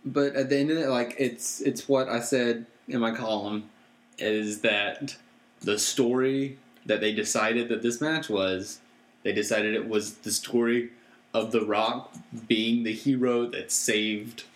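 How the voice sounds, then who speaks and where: A man's voice: medium pitch, steady tone, measured pace. A man co-hosting a casual chat show, earnest and repeating words as he builds his point. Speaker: co-host.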